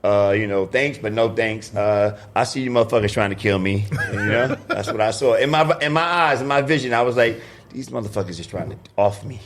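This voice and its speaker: A man co-hosting a casual podcast, telling an animated story full of laughter and acted-out quotes. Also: fairly low pitch, brisk, hardly any pauses. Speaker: podcast co-host. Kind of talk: casual chat.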